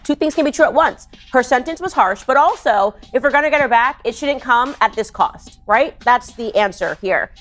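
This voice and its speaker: A woman delivering a sarcastic, opinionated political monologue, mocking and quick to scoff. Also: on the high side, expressive, soft background music. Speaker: political commentator.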